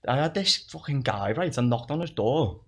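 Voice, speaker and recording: A man's voice: medium pitch, lively intonation, normal speed, breathy edge. A young man, telling stories in casual chat, swearing and laughing along with himself. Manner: swearing, laughing through his own stories. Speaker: podcast guest.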